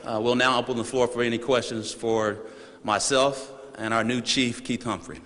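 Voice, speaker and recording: A man speaking as mayor at a press conference, measured and formal in his remarks. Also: mid-range voice, steady tone, a bit bright, a little hiss or hum. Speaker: city mayor. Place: large hall at a press event. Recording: reverberant hall.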